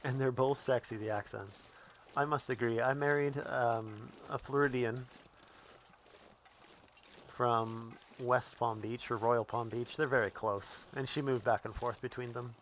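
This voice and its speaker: A man's voice: mid-range voice, steady tone, measured pace, a bit bright, a little hiss or hum. A man from Northern Canada, chatting with his viewers as he streams a survival game. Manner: chatty, answering chat while playing. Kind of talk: live gameplay commentary.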